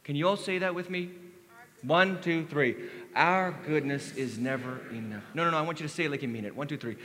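A man's voice: fairly high pitch, quick pace, pushed and bright, big-room sound. A man preaching a sermon as lead pastor, acting out quoted voices and leading the congregation in call-and-response.

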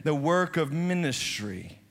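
A man preaching a sermon as pastor in a church, rising to loud emphatic peaks and dropping to quiet teaching. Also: a little high, big pitch swings, takes it slowly, big-room sound. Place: church sanctuary.

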